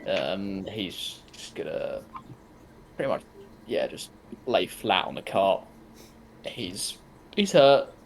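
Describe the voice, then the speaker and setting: A man's voice: deep voice, expressive, takes it slowly, long pauses, slight background noise. A man narrating as game master, rambling with lots of ums and likes.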